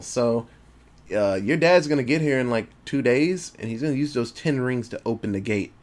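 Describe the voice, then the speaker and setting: Animated man recapping a movie. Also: medium pitch, moderate pace. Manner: animated, profane storytelling with acted-out voices. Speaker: podcast co-host.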